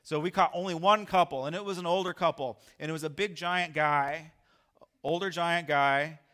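A male pastor telling a story in a sermon, animated and acting out his own lines loudly. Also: fairly high pitch, moderate pace, smooth.

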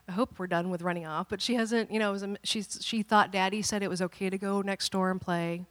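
A woman pastor in her thirties telling a family story during a sermon, animated and dramatic, with playful asides. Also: medium pitch, a little fast, in a large hall.

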